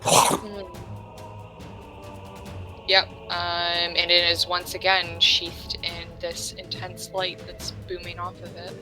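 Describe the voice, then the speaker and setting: A woman's voice: fairly low pitch, monotone, slow, music in the background. A woman playing a tabletop game, chatting casually about her turn with a wry tone. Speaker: player. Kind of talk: casual chat.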